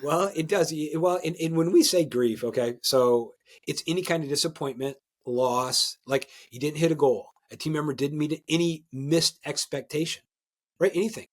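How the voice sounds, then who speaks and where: Husky, fairly high-voiced male coach. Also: normal speed. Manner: energetic and emphatic, often tags "right?"; repeats and restarts words when excited. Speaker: executive coach and guest. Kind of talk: conversational podcast interview.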